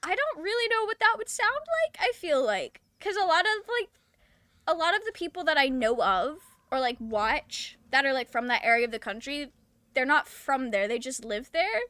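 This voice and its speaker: A woman's voice: sits high, expressive, moderate pace, sharp tone, no echo. A woman with a Southern US accent, chatting casually and giggling while streaming a game. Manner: giggly, chatty, lots of fillers. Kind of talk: casual chat while gaming.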